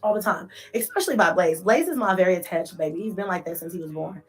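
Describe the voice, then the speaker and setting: A woman's voice: fairly low pitch, lively intonation, fast, faint music behind. A woman, telling stories about her kids in a casual vlog, swearing and laughing as she goes. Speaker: mother vlogger.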